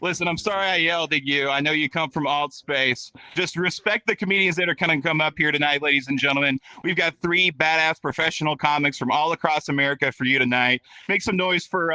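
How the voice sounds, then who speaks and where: A man in his thirties from Texas, hosting a stand-up comedy show with a crude, rowdy manner, working the crowd and squeaking out voices for others. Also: fairly quick, few pauses, sharp tone, dry recording. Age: 30s. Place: virtual reality comedy club with live audience.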